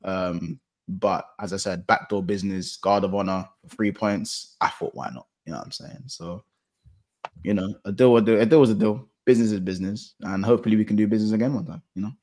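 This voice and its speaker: A man with a fairly low voice chatting on a football podcast panel. He talks in a relaxed, rambling way, padding his points with fillers and laughing often. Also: a little fast. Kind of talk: casual football banter.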